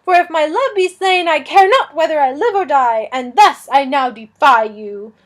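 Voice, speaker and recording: A woman's voice: high voice, lively intonation, normal speed, voice pushed up. A woman voicing a melodramatic young princess who wails and declaims in old-fashioned speech. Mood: defiant. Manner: wailing, theatrical.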